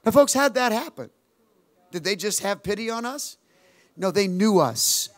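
A man's voice: high-pitched, moderate pace, no room sound. A man in his sixties, a pastor telling stories in a sermon and calling for amens and responses from the church. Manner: animated storytelling preacher, calls for amens and response.

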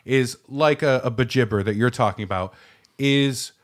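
A man's voice: mid-range voice, moderate pace. A man co-hosting a podcast in loose casual chat, rambling with restarts and laughing often. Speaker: podcast co-host.

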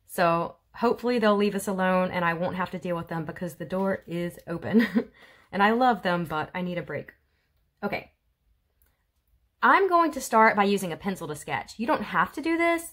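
With a fairly low, somewhat bright voice and lively intonation, a Southern-accented art teacher speaks at normal speed. In a home room, recording on her phone camera, she gives children a warm, chatty lesson and talks them through her drawing.

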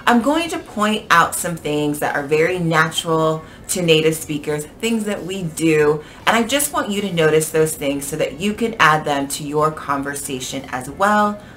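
An American woman teaching an English pronunciation lesson, speaking clearly with expressive, lively intonation. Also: low voice, moderate pace, few pauses, slight background noise.

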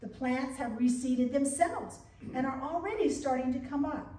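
A woman's voice: high voice, moderate pace, warm tone, natural voice. A woman pastor voicing a kind, wise male creator spirit in a storybook read-aloud. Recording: echoey church from a distance.

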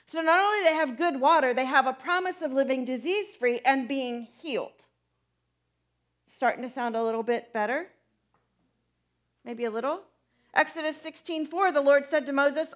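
A woman's voice: high-pitched, moderate pace. A young woman pastor preaching a conversational sermon, asking her listeners questions as she goes. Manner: conversational, animated, asks the congregation questions.

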